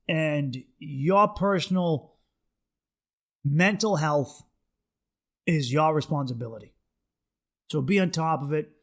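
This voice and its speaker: A young man hosting his podcast, telling stories in a loose, profane, rambling way. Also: on the high side. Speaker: podcast host. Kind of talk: casual monologue.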